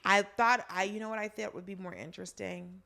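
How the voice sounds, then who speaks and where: A woman's voice: medium pitch, fairly even intonation, brisk, creaky, sharp tone. Podcast co-host, female, wry interjections, casual conversational delivery. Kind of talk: casual recap chat.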